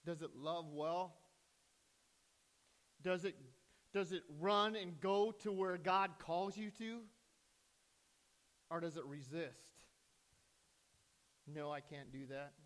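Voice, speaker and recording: Male pastor, higher-pitched voice, sermon delivery with quiet drops and loud surges. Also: takes it slowly, long pauses. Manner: preaching with sudden loud rises and hushed drops.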